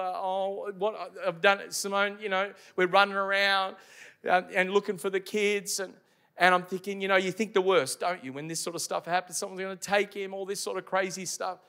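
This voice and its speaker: High, bright-voiced preacher man. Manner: emphatic preaching with repetition and rhetorical questions. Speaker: pastor. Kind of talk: sermon. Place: church service before a congregation.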